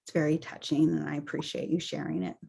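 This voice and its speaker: A woman's voice: deep voice, little pitch movement, quick pace, gravelly, breathy edge. A woman hosting a team video call, emotional and hesitant as she thanks a speaker and introduces the next. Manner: warm, emotional, hesitant with ums. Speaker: meeting host.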